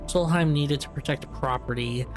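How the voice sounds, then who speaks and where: A man's voice: on the high side, normal speed, lightly acted. A man reading aloud the clipped, broken lines of a fugitive machine intelligence living in a vending machine, in his own everyday voice. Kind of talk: reading game dialogue aloud. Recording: game music playing behind. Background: game music.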